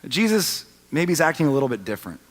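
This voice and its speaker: A man in his thirties preaching a sermon as a pastor, telling the story and swinging from loud to hushed. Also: a little high, big pitch swings, quick pace. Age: 30s. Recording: long reverb of a large hall.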